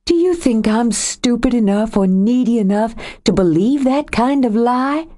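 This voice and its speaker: A woman voicing a hurt young woman who confronts her lover in a sharp, raised, accusing voice in an audiobook. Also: fairly high pitch, expressive, a little slow, pitched above the performer's own voice. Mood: hurt, angry. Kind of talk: audiobook character voice.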